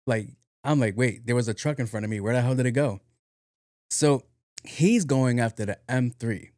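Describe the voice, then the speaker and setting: A young man from New York hosting a podcast, telling a long story in a casual, animated, profane and self-mocking way. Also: medium pitch, moderate pace, no echo, clean studio sound. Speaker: podcast host.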